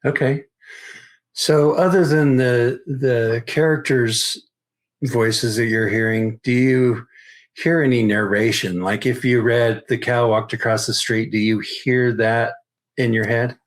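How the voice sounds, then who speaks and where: A man's voice: medium pitch, fairly even intonation, slow. A man hosting a podcast, asking questions methodically and often restarting his phrasing. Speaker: podcast host and interviewer. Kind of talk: interview questions.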